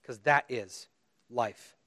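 A middle-aged man preaching a sermon as pastor, earnest and pleading, swinging between loud emphasis and quiet appeals. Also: mid-range voice, slow pace.

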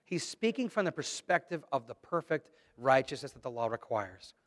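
A man's voice: medium pitch, big pitch swings, moderate pace, in a large hall. A middle-aged man preaching a sermon in a church, reading scripture and speaking in an emphatic, conversational way. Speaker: pastor. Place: church sanctuary.

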